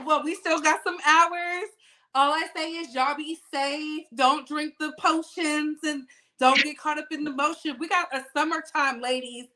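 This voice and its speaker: A woman hosts a casual livestream, her voice sitting very high and bright with a sharp edge. She talks in an animated, teasing way, trash-talking playfully and breaking into laughter often. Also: unhurried. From Southern United States. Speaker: livestream host. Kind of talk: casual livestream chat with audience.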